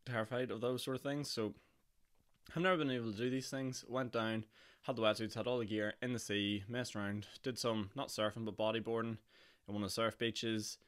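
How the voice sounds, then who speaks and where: A hoarse young man with a Northern Irish accent, hosting his podcast in a chatty, jokey way. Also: fairly low pitch, steady tone, a little fast, fairly bright tone. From Northern Ireland. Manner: chatty and jokey, with frequent laughs and fillers. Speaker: podcast host. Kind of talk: casual solo podcast chat.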